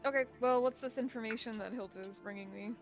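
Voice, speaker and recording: A woman's voice: a little high, quick pace, muffled recording, faint music behind. Chatty woman player in a tabletop game. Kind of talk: live-streamed tabletop game.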